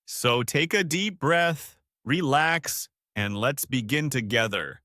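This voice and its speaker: A male English teacher leads a scripted lesson, speaking slowly with a lively, rising and falling voice. His tone is bright and forceful, and he coaches the listener warmly to repeat each phrase. The recording is dry and close, with no room sound. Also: medium pitch, no room sound. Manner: slow, clear, encouraging repeat-after-me teaching. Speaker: English teacher and podcast host.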